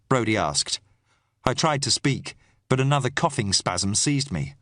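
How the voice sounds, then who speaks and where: A man narrating a thriller audiobook in the first person, measured and tense. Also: on the low side, animated, fairly bright tone, dry recording, studio quality.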